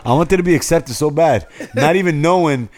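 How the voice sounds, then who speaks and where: A man with a Bronx New York accent trades crude, laughing stories on a podcast. His voice sits a little higher than most men's. He talks loose and profane, rolling from joke to anecdote. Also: a little fast, a little mellow. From North Bronx, New York. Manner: profane, storytelling, joking. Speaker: podcast co-host. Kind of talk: casual podcast banter.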